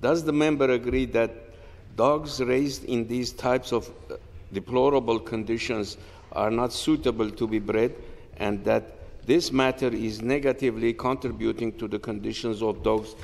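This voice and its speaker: A man's voice: medium pitch, steady tone, moderate pace, creaky, a little mellow. A man asking a formal, read-out question in a parliamentary debate. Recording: long hall reverb.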